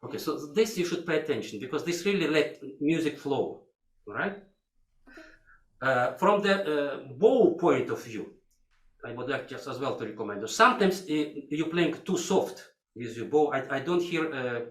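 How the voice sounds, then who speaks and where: Animated older man coaching violin. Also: on the high side, moderate pace. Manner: animated, sings phrases to demonstrate, broken English. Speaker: violin teacher. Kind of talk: masterclass coaching. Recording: echoey hall. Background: violin playing.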